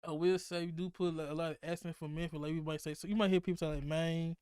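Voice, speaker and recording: Fast-talking young Mississippi man. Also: a little high, steady tone, darkish tone, clear, resonant tone, no room sound, clean studio sound. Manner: fast-talking, laughs often, profane. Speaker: podcast host. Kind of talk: casual podcast chat.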